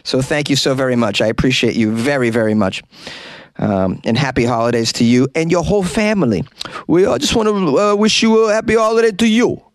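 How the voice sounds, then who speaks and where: A man hosting a comedy podcast from a small closet, reading listener reviews aloud in a playful, animated way. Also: mid-range voice, a little fast, no echo. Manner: animated and playful, swooping up into silly yelps.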